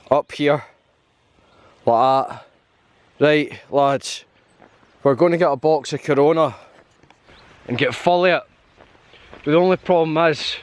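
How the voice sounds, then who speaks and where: A young man from Scotland, a hiking vlogger, chats and tells stories outdoors on a hill trail, laughing frequently. His voice is fairly high-pitched, and the recording has no echo.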